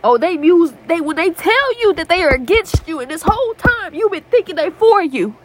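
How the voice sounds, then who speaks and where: A woman's voice: extremely high pitch, big pitch swings, normal speed, hardly any pauses. A woman hosting a podcast, praying and exhorting fervently from her prayer closet, repeating herself as she pleads. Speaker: podcast host. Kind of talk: impassioned spoken prayer and exhortation.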